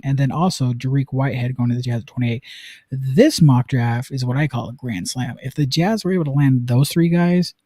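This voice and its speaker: A man's voice: medium pitch, dark tone, slightly rough, no room sound. A man from Utah hosting a casual live-streamed sports talk show, chatting loosely with plenty of fillers. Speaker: sports podcast host.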